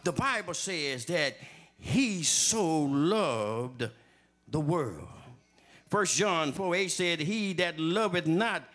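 A man preaching a sermon, speaking straight to his congregation, with repeated refrains that build up to shouting. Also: a little high, expressive, slow pace. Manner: addresses the congregation directly, calling for testimony.

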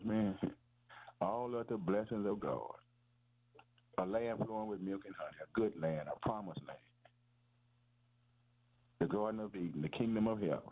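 A man preaching a fervent, repetitive sermon, calling his listeners "man" and "boy". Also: sits low. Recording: tinny phone-like radio broadcast.

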